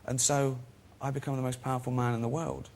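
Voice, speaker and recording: A man, a guest in his forties, chatting away on a talk show at a middle pitch. He tells rambling, self-mocking stories and laughs easily, with a loose, conversational delivery. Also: little pitch movement, a little fast, a little mellow, a little hiss or hum. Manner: chatty, self-deprecating anecdotes, laughs often. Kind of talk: casual chat show interview.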